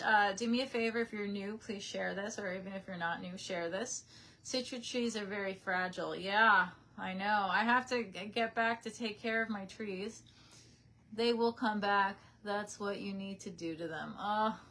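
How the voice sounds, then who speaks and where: A woman's voice: medium pitch, a bit bright. A young woman chatting casually on a live stream from her parents' house, reading out viewer comments on a webcam mic.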